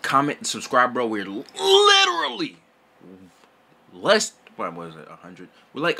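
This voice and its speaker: A young man chatting to his subscribers about game news from his home setup. His voice sits slightly low, yet the tone is bright and forceful. He talks loudly and excitably, full of slang and constant "bro"s. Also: a little hiss or hum. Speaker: gaming YouTuber. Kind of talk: casual gaming news vlog.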